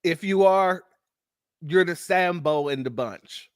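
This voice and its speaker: A man's voice: high-pitched, slow, clear, resonant tone, no room sound, clean studio sound. A man hosting political commentary, blunt and mocking, firing off rhetorical questions. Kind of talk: ranting commentary on news clips.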